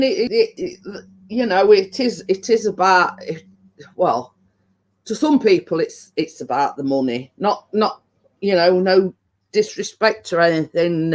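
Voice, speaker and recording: High, slow-talking British man rambling casually. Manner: rambling and hesitant, many fillers and restarts; chatty, eats while talking. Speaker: live-stream host chatting with viewers. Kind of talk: casual chat.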